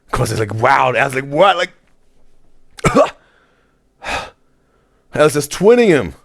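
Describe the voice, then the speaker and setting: A man hosting a live stream, reading chat messages aloud in a casual, excitable way and saying "bro" constantly. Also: medium pitch, unhurried, creaky. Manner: animated, exclaims "bro" constantly, laughs often.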